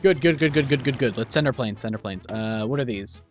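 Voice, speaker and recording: A man hosting a gaming video, commenting on strategy gameplay in an excitable, jokey, self-mocking way. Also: mid-range voice, brisk, soft background music. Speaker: gaming channel host.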